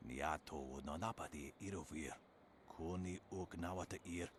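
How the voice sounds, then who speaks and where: An actor voicing a gruff old male martial arts master who speaks an invented game language. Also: deep voice, moderate pace, a little hiss or hum, natural voice. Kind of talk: video game dialogue.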